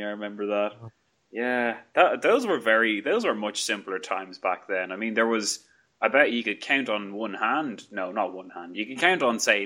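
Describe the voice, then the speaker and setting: Bright-voiced Irish podcast host. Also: male voice, fairly low pitch. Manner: chatty, laughs often, rambling restarts. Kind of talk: casual podcast interview. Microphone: video call.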